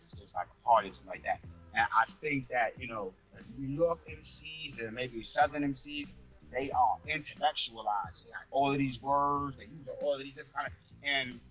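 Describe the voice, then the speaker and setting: A man's voice: medium pitch, fairly bright tone, poor audio. A man with an ordinary mid-range voice talks through his view in a casual chat. He hedges and circles with fillers as he works toward his point. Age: younger than the other speakers. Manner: measured, thinks aloud with many fillers. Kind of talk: casual discussion.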